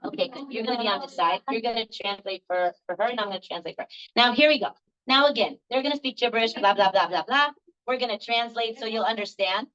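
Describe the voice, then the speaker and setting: This middle-aged woman, leading a live workshop for a group, chats through her stories with many fillers. Her voice is a little high and a bit bright, and she talks at a quick pace. The audio is dull and lo-fi.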